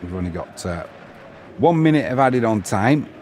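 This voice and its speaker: A man's voice: on the low side, big pitch swings, moderate pace, darkish tone, slight background noise. A man giving live football commentary on his own, mixing play-by-play with opinionated chatty asides and replies to viewers. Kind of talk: live solo match commentary while reading viewer chat.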